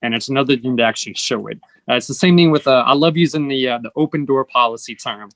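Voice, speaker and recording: A man's voice: medium pitch, quick pace, fairly bright tone, no room sound. A man hosting an interview, explaining earnestly and acting out the lines people say. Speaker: host. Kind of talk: casual conversational interview.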